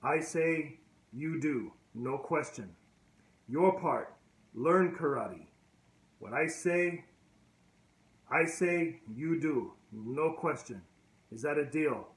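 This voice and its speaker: Man voicing an old karate master: measured, halting broken English, slow delivery, roomy echo. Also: fairly high pitch, animated. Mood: stern.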